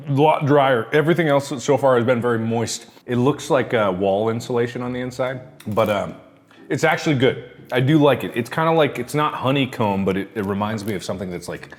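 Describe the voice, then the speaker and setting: A man from the United States chatting casually as he tastes and reviews snacks, rambling with lots of fillers. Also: medium pitch. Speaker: food taste-tester.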